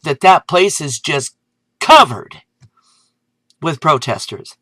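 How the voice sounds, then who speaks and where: A woman vlogger delivering an indignant, sarcastic rant that climbs into loud exasperation. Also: low voice, very animated, slow, long pauses, no room sound. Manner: sarcastic asides. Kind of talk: ranting video commentary.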